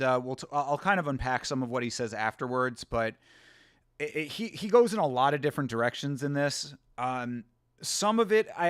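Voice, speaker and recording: A man hosting a commentary show, speaking in a casual, blunt, profane way with halting restarts. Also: mid-range voice, smooth, no echo, clean studio sound. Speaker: show host. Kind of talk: live commentary on clips.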